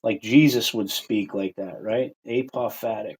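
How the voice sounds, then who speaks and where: A man's voice: fairly even intonation, a little slow, a little mellow, slight background noise. Rambling man talking on a livestream. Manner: rambling, with frequent "right?" and "you know" fillers; rises in pitch and volume on quoted lines. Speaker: livestream host. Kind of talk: casual livestream monologue.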